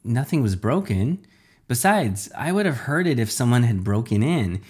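A man's voice: mid-range voice, sing-song, moderate pace, darkish tone, slightly rough. A man voicing a young boy who is a living slice of pizza, eager and worried, in a storybook reading.

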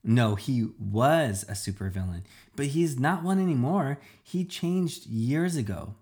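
A man's voice: mid-range voice, expressive, measured pace, darkish tone, pitched above the performer's own voice. A man reading a storybook aloud, voicing a hurt young boy defending his father. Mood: upset. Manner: upset, protesting.

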